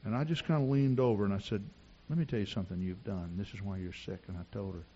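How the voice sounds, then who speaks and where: A man preaching a sermon in a church, telling personal stories and rising to shouts at the climax. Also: fairly low pitch, steady tone, fast talker, breathy edge, dull audio. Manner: storytelling preacher who builds to shouting.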